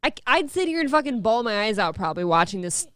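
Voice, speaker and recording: A man tossing in quick quips, dry sound. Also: high-pitched, very animated, fairly bright tone, clear, resonant tone, dry recording. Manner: chiming in with quick agreeing quips. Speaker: talk show co-host. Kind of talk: casual comedic chat.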